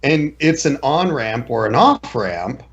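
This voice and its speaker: A man co-hosting a casual podcast, telling a relaxed anecdote. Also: medium pitch, measured pace, highs cut off. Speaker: podcast co-host. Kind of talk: casual storytelling chat.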